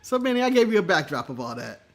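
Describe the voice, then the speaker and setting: A male podcast co-host telling a story in casual chat, animated, laughing often and swearing freely. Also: sits high, quick pace, creaky.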